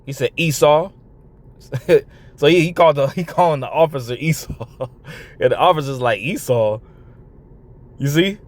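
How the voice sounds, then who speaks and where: Blunt man quoting scripture. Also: on the high side. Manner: blunt, swears freely, reads verses slowly. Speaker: commentator. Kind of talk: reacting to a clip and quoting scripture.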